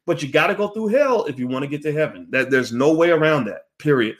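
A man hosting a casual commentary monologue, animated and profane, with many restarts. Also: fairly high pitch, fast talker. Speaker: host.

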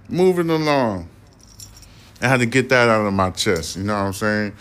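A man hosting his own podcast, giving loud, profane and cynical solo commentary with a ranting edge. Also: mid-range voice, expressive, a little slow. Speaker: podcast host. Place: Houston, Texas.

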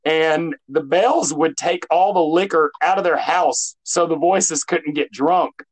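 A man co-hosting a podcast in casual chat, telling stories in an animated way with lots of fillers. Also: a little high, unhurried, rough recording. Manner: animated, filler-heavy storytelling. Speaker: podcast co-host.

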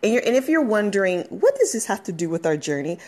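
A fast-talking woman with a medium-pitched, sing-song, slightly mellow voice hosts her podcast. Speaking from work as a dog barks nearby, she gives casual motivational talk that is emotional, encouraging, and somewhat rambling.

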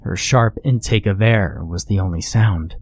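A man narrating a scripted horror story in a measured, low-key way. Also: a little mellow, husky, dry recording.

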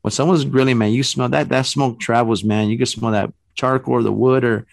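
Gravelly man telling a story, rambling. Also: mid-range voice, fairly even intonation, a little fast, no echo. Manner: rambling, full of fillers like "man" and "bro", frequent restarts. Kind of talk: casual spooky storytelling.

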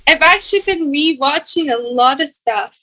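A Scottish woman, a professional golfer, chatting as a guest on a podcast, often pausing to search for words. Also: high-pitched, lively intonation, pushed and bright, low-quality recording. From Scotland. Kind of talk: casual podcast chat.

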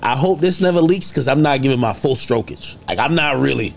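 A man hosts a casual podcast interview and asks his questions in a teasing, joking way. His middle-pitched voice swings up and down a lot as he talks. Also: lively intonation, a little fast, gravelly. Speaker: podcast host.

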